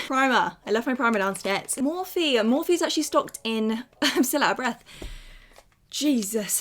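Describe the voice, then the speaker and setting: A woman's voice: on the high side, a little hiss or hum. A woman talking casually through a makeup tutorial, chatty and bubbly as she speaks straight to her viewers. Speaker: beauty vlogger.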